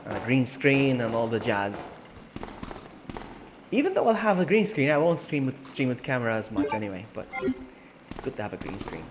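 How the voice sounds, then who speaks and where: A man's voice: medium pitch, moderate pace. A man from Malta, chatting casually and rambling on a live game stream from a room at home, laughing often. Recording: steady background noise.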